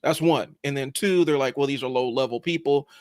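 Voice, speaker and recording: Sarcastic, animated man chatting on a podcast. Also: medium pitch, brisk, dry recording, studio quality. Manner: sarcastic, animated, many fillers like "like" and "you know". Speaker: podcast co-host. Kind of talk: casual chat.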